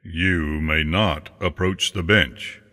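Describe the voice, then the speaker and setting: A man's voice: deep voice, fairly even intonation, slow, pushed and bright, big-room sound, exaggerated voice. A man voicing Death as a formal, firm judge presiding over a court. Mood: stern. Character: commanding male judge, Death personified.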